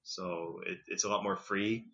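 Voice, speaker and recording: A young man with a slightly British-tinged accent, chatting casually as a podcast guest, rambling with lots of fillers and quick laughs. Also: low voice, fairly even intonation, a bit bright. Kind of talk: casual conversational storytelling. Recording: slightly muffled lo-fi recording.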